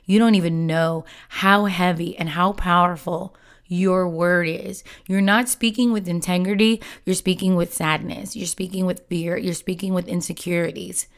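A woman's voice: fairly low pitch, fairly even intonation, moderate pace. A woman giving a casual, heartfelt motivational talk, speaking candidly and using many fillers. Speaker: self-help speaker.

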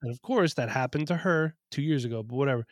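A man's voice: mid-range voice, fast, dry recording. A man from eastern Pennsylvania co-hosting a parenting podcast, telling stories in casual chat with a wry, dry humor. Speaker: podcast co-host.

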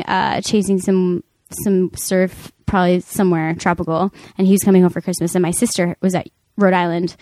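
A woman's voice: on the low side, no room sound, clean studio sound. Woman telling a story with lots of fillers. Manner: animated, many fillers and restarts. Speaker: podcast co-host. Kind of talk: casual storytelling.

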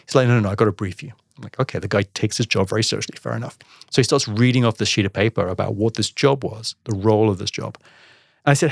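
A man telling a personal business story in a casual interview, acting out the dialogue with animated voices. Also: fairly low pitch, quick pace, creaky, dry recording, clean studio sound. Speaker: podcast guest, entrepreneur.

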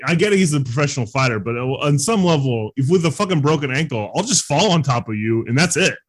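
A man's voice: medium pitch, animated, fast talker. A man co-hosting a podcast, trading crude banter and laughing often. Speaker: podcast co-host. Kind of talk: casual chat.

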